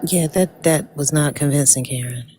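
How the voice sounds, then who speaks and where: A woman's voice: low-pitched, normal speed, mellow, slight background noise. A woman in casual chat on a live stream, teasing and sarcastic.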